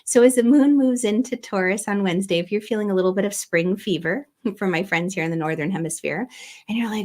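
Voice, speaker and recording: A woman's voice: medium pitch, fairly quick, a little mellow. A middle-aged woman hosting an astrology livestream, chatty and giggly, greeting viewers by name. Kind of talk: casual livestream talk.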